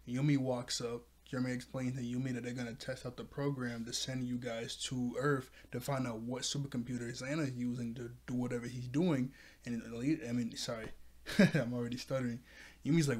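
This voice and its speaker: A man hosting a casual episode recap, excitable and quick to laugh as he retells scenes. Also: mid-range voice. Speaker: show reviewer.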